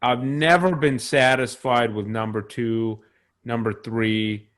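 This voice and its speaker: A man's voice: mid-range voice, steady tone, slow pace, a bit bright. Rambling young man on a podcast. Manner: rambling, many restarts and fillers. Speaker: podcast co-host. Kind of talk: casual chat.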